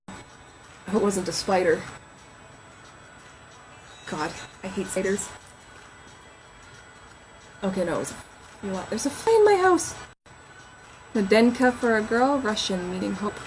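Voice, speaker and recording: A woman's voice: medium pitch, poor audio. Chatty woman thinking aloud on a livestream. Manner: chatty and rambling, reads names aloud while musing. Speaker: romance novelist livestreaming. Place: at home.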